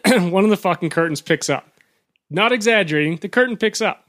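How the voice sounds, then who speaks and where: A man telling a profane, animated story on a casual radio show, acting out what people said. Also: high-pitched. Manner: fast animated storytelling, profane, acts out quotes. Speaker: guest storyteller.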